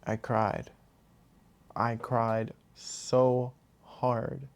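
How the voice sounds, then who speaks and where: A man telling a personal story in a rambling, halting way, with many restarts and fillers. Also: mid-range voice, level tone. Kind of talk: casual storytelling monologue.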